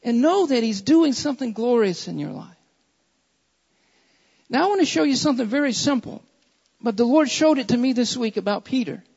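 A woman's voice: a little high, expressive, normal speed, gravelly, pauses often, a little mellow, slightly rough. A woman preaching a sermon to a congregation, impassioned and repeating lines for emphasis. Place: large church hall. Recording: dull recording in echoing hall.

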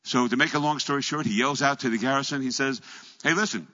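A middle-aged man preaching a sermon, telling a story and swinging from quiet, low asides to loud, animated passages. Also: fast talker. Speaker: pastor. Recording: echoey hall, dull lo-fi sound.

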